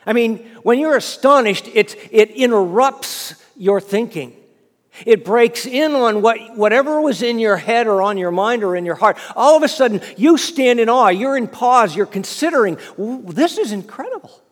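A preacher who also raises funds as a minister tells his sermon as lively storytelling, tripping over and repeating words. His voice is high for a man and moves at normal speed, with long reverb from a big hall trailing every phrase.

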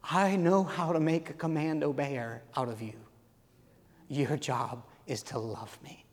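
A man preaching from a church stage, his voice sitting a little higher than most men's. Long reverb from the large hall trails each phrase. He talks earnestly, dropping soft and then swelling into loud, fervent calls. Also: fairly even intonation, measured pace. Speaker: pastor. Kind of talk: sermon.

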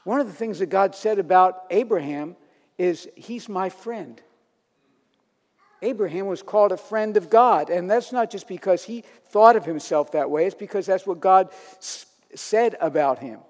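Male pastor, sermon delivery, fairly high voice, rising to emphatic declarations, church hall echo. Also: moderate pace, a little mellow.

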